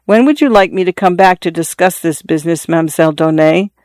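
A man's voice: on the high side, no room sound, studio quality, close to an everyday voice. A reader voicing an awkward, earnest young peasant man. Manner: plain, halting and earnest. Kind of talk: audiobook character reading.

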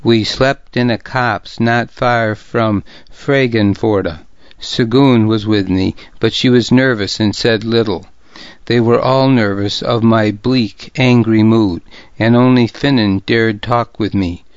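Man reading a story slow and steady, measured grave delivery, dry dull-sounding studio recording. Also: fairly low pitch, clear, resonant tone, no echo. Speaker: audiobook narrator. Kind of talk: scripted first-person narration.

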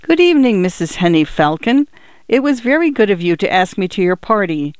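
A man reading aloud and voicing a timid, frightened small boy who speaks in a slow, pleading way. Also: high-pitched, expressive, smooth, no room sound. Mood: strained polite.

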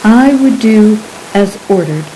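Slow, mellow woman narrating a story. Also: mid-range voice, expressive, slight background noise, low-quality recording. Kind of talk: scripted first-person narration.

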